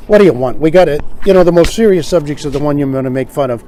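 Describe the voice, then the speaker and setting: A man's voice: fairly high pitch, very fast, warm tone. A man hosting a casual comedic monologue, wry and joking, acting out quoted gags. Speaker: host.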